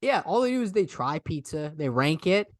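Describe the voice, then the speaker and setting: A man's voice: fairly high pitch, very animated, moderate pace, no echo, studio quality. A young man co-hosting a casual podcast, rambling with lots of "I mean" and "literally". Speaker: podcast co-host. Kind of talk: casual chat.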